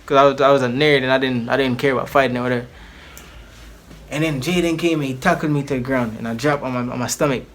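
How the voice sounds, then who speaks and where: A man's voice: mid-range voice, quick pace, slight background noise. Man telling a rambling story. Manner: animated, acts out the people in his story; rambling, with many restarts and slang. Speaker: channel host telling a personal story. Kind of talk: casual storytime vlog.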